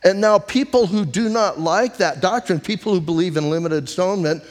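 A male pastor delivers a conversational sermon with a slightly high voice, firing off rhetorical questions and dropping into slow, deliberate emphasis on key lines. His words ring out with a long reverb tail, as in a church sanctuary. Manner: emphatic, slows down on key phrases.

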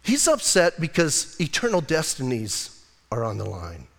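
A man's voice: a little high, huge pitch swings, unhurried. An older man, a pastor, preaching a sermon in a conversational way with rhetorical asides. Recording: long hall reverb.

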